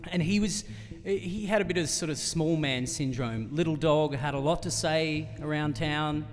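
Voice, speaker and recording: A man's voice: fairly high pitch, normal speed, faint music behind. Rambling Australian man onstage. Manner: rambling, self-deprecating, many fillers and restarts. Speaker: singer-songwriter telling a story on stage. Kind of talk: onstage storytelling between songs. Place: live music venue, in front of an audience. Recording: live concert hall with reverb.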